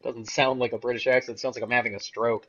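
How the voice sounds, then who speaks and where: A man's voice: mid-range voice, little pitch movement, fast talker, fairly bright tone, slight background noise. A man giving jokey, sarcastic commentary while streaming a video game. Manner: jokey, sarcastic, laughs often. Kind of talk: casual gameplay commentary. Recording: dull lo-fi stream audio.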